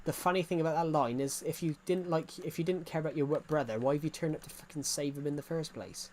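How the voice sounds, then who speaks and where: A man's voice: a little high, steady tone, fast, darkish tone, slight background noise. Chatty young English man streaming. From England. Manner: rambling, chatty, many restarts and fillers. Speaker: gaming streamer. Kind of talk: casual live-stream chat.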